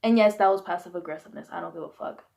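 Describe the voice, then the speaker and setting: A woman's voice: on the low side, very fast, vocal fry, a little mellow. A young woman in her twenties venting bluntly and heatedly about her upbringing, swearing freely in a candid vlog. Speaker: vlogger. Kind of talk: candid personal rant.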